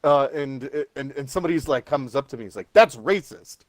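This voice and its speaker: A man co-hosting a podcast in casual chat, joking around with quick asides. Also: medium pitch, no echo. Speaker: podcast co-host.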